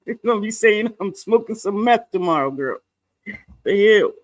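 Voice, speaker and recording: Middle-aged male streamer, high-pitched, chatty, laughs a lot, casual swearing. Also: lively intonation, normal speed. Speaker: livestream co-host. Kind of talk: casual livestream chat.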